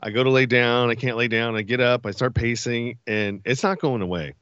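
A man telling a funny story as a podcast guest, animated and laughing as he talks. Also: medium pitch, brisk, smooth, dry recording, muffled recording. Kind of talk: casual storytelling.

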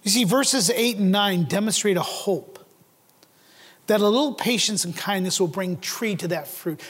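A man's voice: high voice, normal speed, fairly bright tone, husky. A man preaching a sermon as pastor. He talks earnestly, asks his listeners rhetorical questions and repeats words as he starts a phrase. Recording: long reverb of a large hall.

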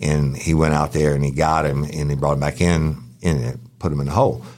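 A man, a podcast co-host and former prison guard, telling profane, animated stories in casual chat. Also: very deep voice, a little fast. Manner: profane, animated anecdotes with acted-out quotes. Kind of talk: casual storytelling.

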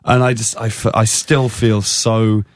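A man's voice: fairly low pitch, little pitch movement, a little slow, dry recording, clean studio sound. An Englishman, a guest on a casual chat show, telling stories in a self-deprecating way and swearing freely. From England. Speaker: guest musician.

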